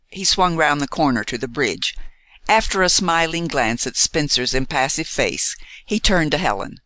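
Bright, animated novel narrator; measured and expressive, close dry mic. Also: medium pitch, dry recording. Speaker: audiobook narrator.

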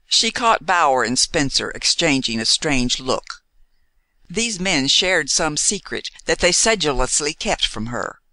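Bright, animated novel narrator; measured and expressive, close dry mic. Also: mid-range voice, no room sound. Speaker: audiobook narrator.

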